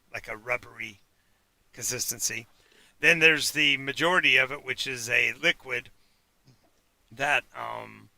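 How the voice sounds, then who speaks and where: Guy running a tabletop game on stream, super bright voice, dry close sound, lots of uhs and restarts. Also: mid-range voice, gravelly, dry recording. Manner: halting, with many fillers and restarts. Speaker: game master. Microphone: home mic for a live stream.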